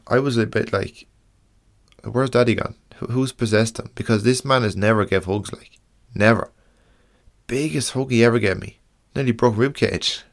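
Earnest low-voiced young Irish man. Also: vocal fry. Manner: earnest and frank, halting with restarts and swearing. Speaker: podcast host. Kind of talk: casual podcast monologue.

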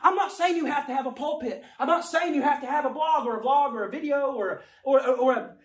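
Guy preaching hard, goes soft then yells, echoey room, sounds kinda distant from the mic. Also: very high voice, a little fast. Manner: impassioned, emphatic, swings from quiet to shouting. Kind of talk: sermon. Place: church hall.

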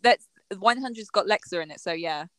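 A woman's voice: mid-range voice, lively intonation, a little fast, a crowd in the background. A woman co-hosting a casual podcast, laid-back and laughing, with some casual swearing. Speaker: podcast co-host. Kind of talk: casual chat.

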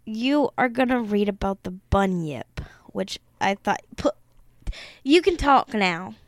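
A woman's voice: mid-range voice, lively intonation, slow pace, dry recording. A young woman co-hosting a podcast, reading aloud and chatting casually, laughing often, teasing and swearing. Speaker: podcast co-host.

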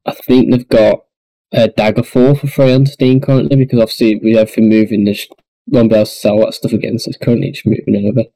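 A man's voice: on the low side, little pitch movement, fast talker, warm tone, no echo, poor audio. A man co-hosting a podcast, chatting casually and easygoing, trailing off with "um.". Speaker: podcast co-host. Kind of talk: casual chat.

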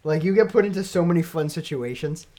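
A man co-hosting a casual chat, telling gaming stories and acting out quotes with big jumps in pitch. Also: expressive, fast, warm tone. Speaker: podcast co-host.

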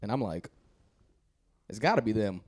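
A man telling a casual story on a podcast, animated and laughing as he goes. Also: lowish voice, normal speed. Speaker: guest on a podcast.

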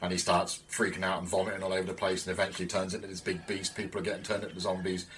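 A man's voice: deep voice, flat delivery, fast talker, fairly bright tone, a little hiss or hum. A man co-hosting a podcast, chatting casually and enthusiastically, swearing freely as he rambles through retellings. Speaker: podcast co-host. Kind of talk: casual chat.

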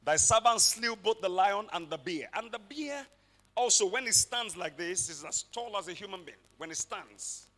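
A man preaching a sermon, telling stories dramatically and rising to shouted peaks. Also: high voice, expressive, normal speed.

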